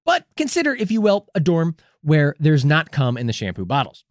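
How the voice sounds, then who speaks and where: Male co-host, jokey and theatrical, lively delivery, dry sound. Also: normal speed, no room sound. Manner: jokey, theatrical swings in pitch. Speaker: podcast co-host. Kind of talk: comedic paranormal podcast chat.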